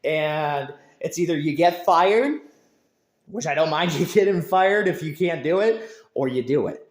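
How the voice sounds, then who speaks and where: A man's voice: fairly high pitch, lively intonation, a little slow. A man with a slightly raised voice rants about football, emphatic and rambling, restarting his sentences often. He sounds like he is talking to camera in a reverberant room. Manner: emphatic, repetitive, stumbling restarts. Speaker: football fan vlogger. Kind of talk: rambling sports rant to camera.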